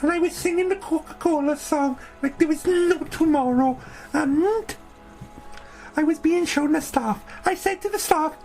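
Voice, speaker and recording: A woman with a high voice spins a comic audio story in character. She sounds brash and boastful and rambles from one point to the next. Faint music plays quietly behind her. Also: a little slow, rough recording.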